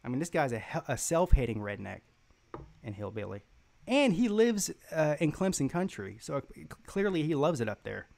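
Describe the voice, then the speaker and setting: Gravelly, halting man trash-talking on a live stream. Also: mid-range voice, animated, a little mellow. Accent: Southern American. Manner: rambling, halting, with many fillers and restarts; mocking trash talk. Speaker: sports live-stream host. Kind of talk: live-stream chat reading viewer comments.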